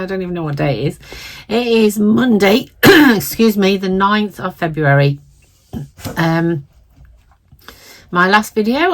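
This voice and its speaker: Croaky chatty woman, low voice. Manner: chatty, rambling, self-deprecating, clears throat often. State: croaky voice from a cold. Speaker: crafting channel host. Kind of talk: casual chat while crafting. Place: at home.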